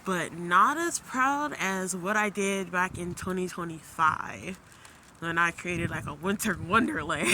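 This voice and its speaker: A young adult woman vlogging outdoors in a snow flurry on her phone, excitable and giggly, exclaiming often. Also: on the low side, a little slow, low-quality recording. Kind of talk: casual vlog commentary. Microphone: phone held by the speaker. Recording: heavy wind noise on the phone mic. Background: loud gusting wind.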